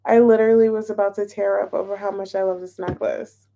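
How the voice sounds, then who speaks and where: A woman's voice: mid-range voice, flat delivery, quick pace, creaky, dark tone. A woman giving a casual, playful tarot reading, chatting openly and emotionally as she shuffles and pulls cards. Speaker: tarot reader.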